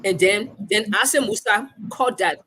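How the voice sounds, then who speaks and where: A woman's voice: medium pitch, a little slow, slightly rough. A woman journalist with a Liberian English accent, telling a story in conversation and acting out the quoted voices. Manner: animated, acts out quoted speech. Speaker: journalist guest.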